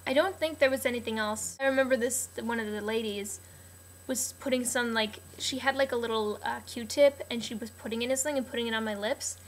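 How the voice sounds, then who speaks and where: A woman's voice: fairly high pitch, fairly quick. Chatty young woman telling a story. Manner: chatty, rambling, lots of "like" and restarts. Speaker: vlogger. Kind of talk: casual storytelling to camera.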